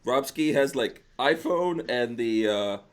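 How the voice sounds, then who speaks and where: A man's voice: medium pitch, lively intonation. Laid-back male podcast host. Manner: laughs often, quick asides. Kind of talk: casual podcast chat.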